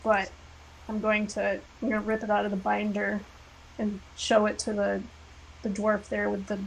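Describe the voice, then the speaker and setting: A woman playing in a tabletop game, calmly stating what her character does. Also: medium pitch, moderate pace, vocal fry, a little hiss or hum, low-quality recording. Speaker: player. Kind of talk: casual tabletop play.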